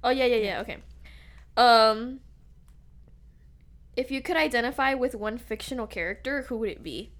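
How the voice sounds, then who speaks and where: A woman co-hosting a podcast in casual chat, blunt and quick to react, often swearing and laughing. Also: a little high, fairly bright tone. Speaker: podcast co-host.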